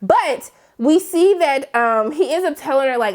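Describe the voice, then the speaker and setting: A woman's voice: high voice, animated, unhurried. A woman host giving a chatty, sassy TV episode recap, talking straight to her viewers. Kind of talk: casual TV recap commentary.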